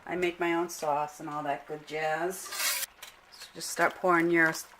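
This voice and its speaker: A woman's voice: sits low, flat delivery, a little slow, very noisy. A middle-aged woman talking through a home cooking demonstration in a casual, unpolished way, often stopping to correct herself. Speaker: home cook vlogger. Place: home kitchen. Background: clinking pots, pans and cutlery.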